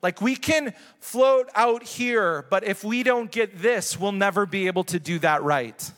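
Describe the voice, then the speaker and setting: Middle-aged male pastor, very high voice, earnest repetitive sermon delivery, long hall reverb. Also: unhurried, fairly bright tone. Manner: earnest, repetitive, urging the congregation. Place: large church hall.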